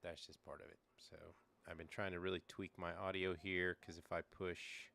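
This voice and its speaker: Relaxed and rambling, a middle-aged man chats on a live stream about his setup, thinking aloud with plenty of fillers. His voice sits low with vocal fry, at a moderate pace. He's in a small backyard shed with an air conditioner running, using a desk microphone he sometimes leans away from.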